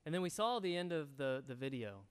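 Male pastor, raised pitch, smooth clear tone, earnest sermon delivery. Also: very animated, fairly quick. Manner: earnest preaching, swells loud then drops soft.

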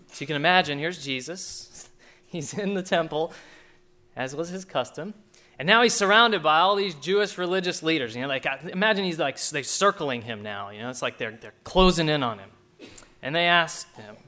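Guy pastor preaching, kinda high voice, hammers his point over and over. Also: animated, a little fast, sharp tone. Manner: emphatic, repeats key points. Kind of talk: sermon.

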